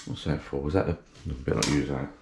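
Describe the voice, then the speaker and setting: Male vlogger, very low voice, jokey home-cooking chat in an echoey kitchen. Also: fairly even intonation, quick pace, gravelly, noisy background. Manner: chatty, jokey, talks while eating. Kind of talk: casual cooking vlog. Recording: echoey room.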